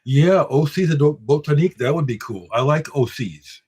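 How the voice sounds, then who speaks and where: A man with a husky, slightly breathy voice hosts a casual live stream and chats loosely with his viewers. He replies to their comments and talks up his own records with emphatic, boastful confidence. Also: a little high, lively intonation, moderate pace, dark tone. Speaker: musician hosting a live stream.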